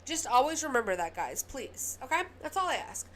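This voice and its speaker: High, bright-voiced woman ranting to viewers. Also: sing-song, brisk, a little hiss or hum. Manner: emphatic, profane, talks straight to viewers. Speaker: political commentary host. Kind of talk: casual ranting commentary.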